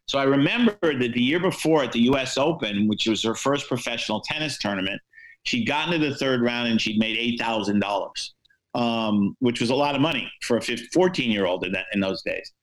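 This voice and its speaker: An older American sportswriter tells stories in a podcast interview. His middling voice stays wry and self-deprecating. He fills his pauses with ums and uhs. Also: mid-range voice, expressive, low-quality recording. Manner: wry, self-deprecating anecdotes with many fillers. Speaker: sportswriter guest.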